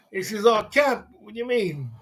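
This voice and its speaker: A man's voice: high voice, fairly bright tone, husky. A man hosting a late-night livestream chat, tipsy from drinking, hyped up, laughing often and repeating catchphrases. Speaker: livestream host.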